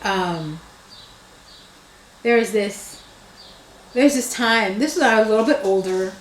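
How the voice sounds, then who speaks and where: A woman's voice: medium pitch, unhurried, reverberant, slight background noise. A woman casually telling a family story, meandering and restarting her sentences, with an amused tone. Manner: meandering, self-interrupting, amused.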